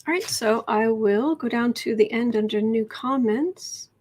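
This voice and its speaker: A woman's voice: fairly high pitch, measured pace, darkish tone. A woman doing a casual tarot reading on a livestream, chatty and rambling, sometimes dropping into whispered asides. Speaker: tarot reader.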